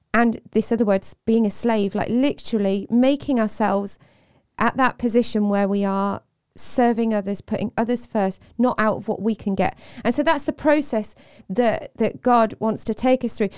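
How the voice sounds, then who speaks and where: A woman co-hosting a casual faith discussion, earnest and quick to laugh. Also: on the high side, a little mellow, clear, resonant tone, dry recording, studio quality. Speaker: podcast co-host.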